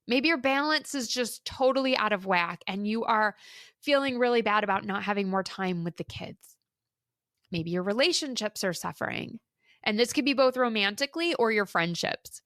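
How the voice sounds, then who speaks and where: Woman podcast host, candid and chatty, fairly high voice, dry close sound. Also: no echo. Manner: chatty, candid, animated storytelling. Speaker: podcast host and career coach. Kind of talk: solo podcast talk.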